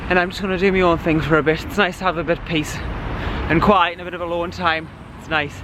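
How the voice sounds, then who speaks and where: A man's voice: a little high, little pitch movement, fast talker, noisy background. A young man, chatting casually to the camera in a rambling vlog. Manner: chatty, rambling, laughs often. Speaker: vlogger.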